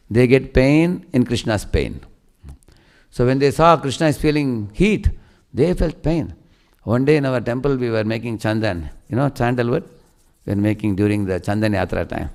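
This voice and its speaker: A man's voice: medium pitch, gravelly. A man giving a devotional sermon, telling stories and often asking listeners questions. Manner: animated storyteller, asks listeners questions. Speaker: preacher.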